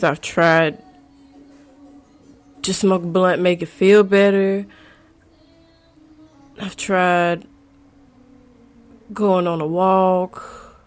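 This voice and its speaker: A woman's voice: fairly low pitch, clear, resonant tone. A woman hosting a podcast who gives frank, casual advice in a rambling way, with profanity and frequent restarts. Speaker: podcast host.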